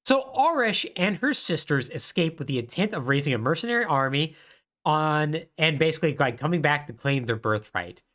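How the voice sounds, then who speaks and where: At a moderate pace and with a somewhat high voice, a man co-hosting a podcast recounts a story in casual chat. He's lively in the telling and laughs along with his own jokes.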